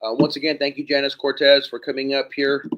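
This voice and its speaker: A man hosting a live stream, hoarse from hours of talking, thanking viewers one by one by name. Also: mid-range voice, little pitch movement, a little fast, lo-fi sound. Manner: thanks viewers by name, rambling and warm-hearted. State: hoarse, losing his voice. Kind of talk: casual live stream chat.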